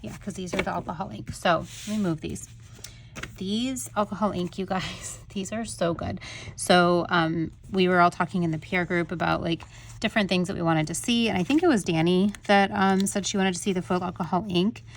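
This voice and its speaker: Woman, low voice, gushing haul chatter, faint background hiss. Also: steady tone, moderate pace. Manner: gushing, talks to viewers, filler-heavy. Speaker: planner sticker haul vlogger.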